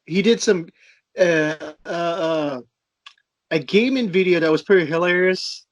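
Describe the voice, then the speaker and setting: High-voiced man, laughing podcast chat. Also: measured pace, no room sound, muffled recording. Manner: laughs often, crude humor, restarts a lot. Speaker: podcast co-host. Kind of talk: casual podcast banter.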